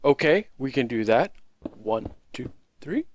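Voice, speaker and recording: An American man hosts a casual Minecraft video, rambling with many fillers and self-deprecating asides in his gameplay commentary. His mid-range voice is very animated yet a little slow, with slight background noise.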